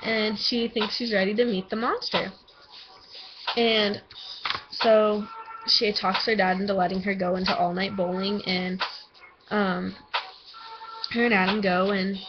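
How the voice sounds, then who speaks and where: Teen girl, flat, halting school book report, muffled with music underneath. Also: mid-range voice. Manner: hesitant, filler-heavy, with many ums and likes. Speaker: student. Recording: dull lo-fi recording with music behind.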